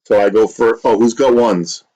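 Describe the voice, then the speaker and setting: Low-voiced man playing tabletop game. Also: fairly even intonation, mellow, highs cut off. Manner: halting, restarts mid-sentence. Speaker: player. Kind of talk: casual tabletop game play.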